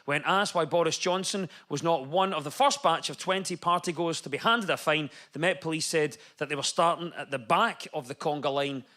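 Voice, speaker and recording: A man hosting a comedy panel show, reading out scripted jokes with a brisk, wry delivery. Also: a little high, sharp tone. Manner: brisk and wry, with punchlines read dry. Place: TV studio with an audience.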